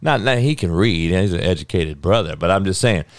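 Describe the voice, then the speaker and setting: A man's voice: sits low, animated, brisk, no room sound, studio quality. A man hosting his own podcast, ranting bluntly and profanely in a heated, casual way. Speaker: podcast host. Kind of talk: casual opinion rant.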